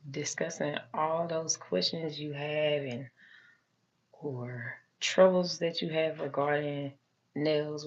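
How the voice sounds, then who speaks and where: A hoarse woman who has lost her voice, hosting a casual live stream as a nail technician and chatting to viewers with lots of fillers. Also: sits low, darkish tone. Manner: chatty, addresses viewers as y'all, many fillers. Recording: dull lo-fi live-stream audio.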